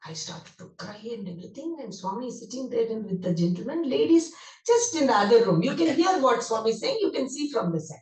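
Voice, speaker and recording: A woman's voice: fairly high pitch, very animated, fairly quick, darkish tone. A woman, a guest speaker animatedly telling emotional memories in a devotional talk. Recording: roomy hall, distant mic.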